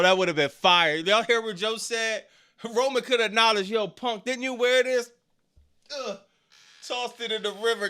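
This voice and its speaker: A man hosting a live wrestling reaction stream and reading chat aloud. He swings between loud excited outbursts and low, frustrated mutters, and talks in casual slang. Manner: casual slang, often ending lines with "dog" or "bro".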